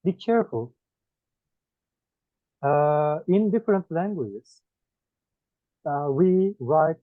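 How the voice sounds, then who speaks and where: Turkish-accented teacher on a tinny line. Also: male voice, fairly high pitch, lively intonation, dry recording. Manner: listing words one by one with pauses. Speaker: English teacher. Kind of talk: one-on-one lesson. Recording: dry tinny phone-like sound.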